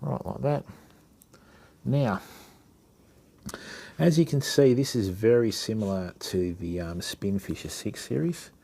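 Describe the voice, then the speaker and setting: A man's voice: on the low side, slow pace, creaky, pauses often, mellow, husky. A middle-aged man from Western Australia with an Australian accent, chatting casually to live-stream viewers while servicing fishing reels. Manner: casual, matey, chats to viewers while working. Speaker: fishing channel host. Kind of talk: live-stream reel maintenance demo.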